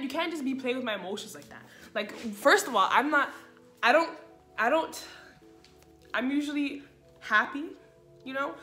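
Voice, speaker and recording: Bright-voiced young woman vlogger. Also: on the high side. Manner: chatty, retells dialogue with quoted voices. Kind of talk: storytime vlog. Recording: echoey room with faint music.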